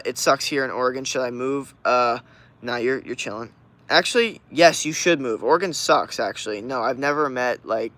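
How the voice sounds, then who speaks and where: Young man from Florida, early twenties, relaxed and slangy livestream host, mid-pitched voice. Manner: laid-back, slangy, lots of filler. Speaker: livestream host answering chat questions. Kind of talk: casual livestream chat. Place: outdoors at night.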